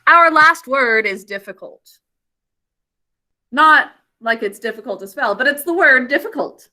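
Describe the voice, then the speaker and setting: Slow, bright-voiced woman teacher sounding out syllables. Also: sits high, lively intonation. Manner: encouraging. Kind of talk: online literacy lesson for children.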